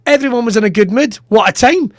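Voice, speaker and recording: A man with a notably high voice, telling stories in casual podcast chat. He swears freely, mocks himself and laughs as he goes. The sound is close and dry. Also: fast, no room sound. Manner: sweary, self-mocking, laughs through his stories. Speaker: comedian and podcast host.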